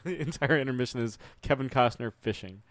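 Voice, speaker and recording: A man co-hosting a casual movie commentary podcast, dropping wry quips with halting restarts. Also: medium pitch, dry recording. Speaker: podcast co-host.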